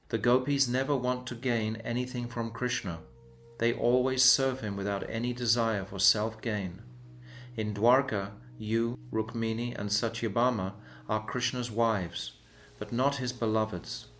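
A man reading a devotional story aloud in a measured, reverent manner. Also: mid-range voice, fairly bright tone.

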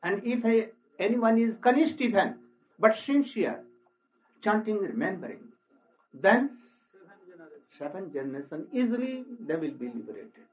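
A man, telling a sacred story as a sermon in a halting, exclamatory way, often breaking in with "oh". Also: high voice, big pitch swings. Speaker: spiritual teacher. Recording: dull lo-fi recording.

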